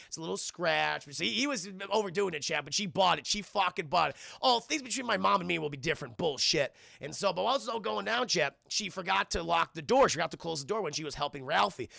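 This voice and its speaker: A man's voice: sits high, creaky, bright, forceful tone, dry recording, studio quality. A man streaming a casual, profane film recap, rambling and constantly addressing his chat.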